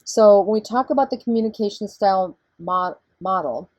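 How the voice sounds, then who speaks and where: A middle-aged female professor with a low, husky voice gives a conversational recorded lecture, walking through ideas step by step. She talks fairly quickly, her tone is darkish, and the recording is dry.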